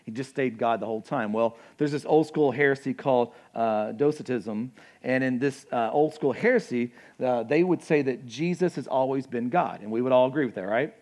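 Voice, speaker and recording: A young adult man preaching a sermon as pastor, conversational and animated, with asides and acted-out quotes. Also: mid-range voice, normal speed, few pauses.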